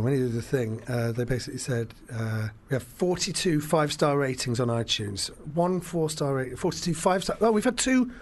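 Man, podcast co-host, casual chat, rambling with fillers, slightly high pitch. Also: darkish tone. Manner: rambling, many fillers and restarts, laughs at own stories.

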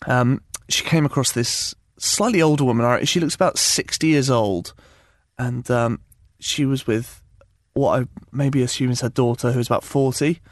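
A young man telling a funny story in a casual chat, animated and laughing often as he acts out quotes. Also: mid-range voice, normal speed, no room sound, clean studio sound.

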